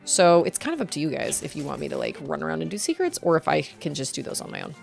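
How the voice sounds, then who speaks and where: A young woman chats and laughs her way through a game stream, her voice swinging widely up and down as she talks to viewers. She breaks into excited squeals at surprises. Faint game music plays underneath. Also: sits low, fast talker, gravelly. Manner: chatty, giggly, squeals excitedly at game moments. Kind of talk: casual gameplay chat with viewers.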